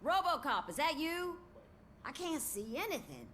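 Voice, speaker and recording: A Southern-accented police officer in a video game, brisk and grumbling. Her voice sits a little high. Faint background noise sits under the game audio. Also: sing-song, a bit bright. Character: no-nonsense female police officer, grumbling colleague.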